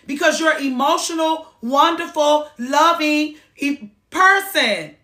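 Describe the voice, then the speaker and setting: A woman giving blunt, profane, animated relationship advice on a live stream. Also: sits high, a little slow, few pauses, echoey room.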